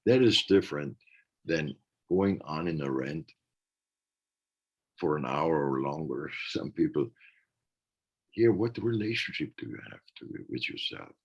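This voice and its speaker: A man's voice: low-pitched, vocal fry, husky, dull audio. A man talking earnestly in a reflective podcast conversation, acting out the remarks he quotes.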